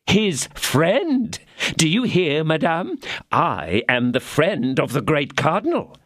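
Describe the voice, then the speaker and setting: A man's voice: on the high side, sing-song, takes it slowly, fairly bright tone, no echo, studio quality, pitched above the performer's own voice, heavily acted. A man voicing a greedy, cowardly middle-aged mercer in an audiobook, speaking pompously and repeating grand phrases.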